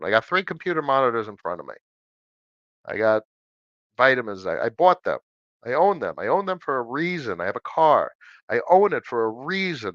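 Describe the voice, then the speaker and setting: A middle-aged man with a mid-range voice runs a casual livestream Q&A from his desk at home, animated and chatty as he reads viewers' questions aloud before answering them. The audio sounds dull, with no room sound.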